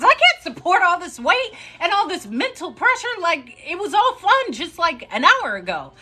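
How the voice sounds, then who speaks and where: A young woman casually telling a story to a live audience, chatty and animated and laughing now and then. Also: very high voice, normal speed, hardly any pauses.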